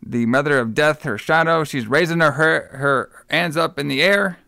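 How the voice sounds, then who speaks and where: A man's voice: on the high side, normal speed, gravelly, pushed and bright, dry recording, studio quality. A man co-hosting a podcast, retelling a film plot in a rambling, profane, casual way. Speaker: podcast co-host. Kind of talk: casual film review chat.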